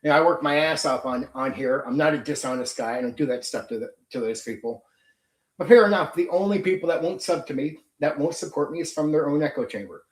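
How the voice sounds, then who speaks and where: A man's voice: a little high, quick pace, roomy sound. A middle-aged man hosting a casual live chat, venting bluntly and swearing heavily. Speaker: channel host. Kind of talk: casual ranting livestream chat.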